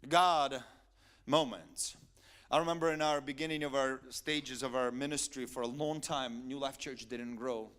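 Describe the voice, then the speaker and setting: Bright-voiced, animated male pastor. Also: mid-range voice, moderate pace. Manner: animated preaching, swinging from quiet asides to loud emphatic peaks. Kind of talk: sermon.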